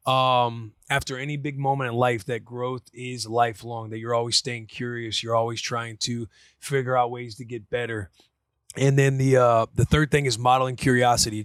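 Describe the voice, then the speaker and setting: A man's voice: medium pitch, a bit bright, clear, resonant tone, no room sound, clean studio sound. A man in his thirties co-hosting a casual podcast, talking earnestly and rambling through his points with lots of restarts. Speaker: podcast co-host.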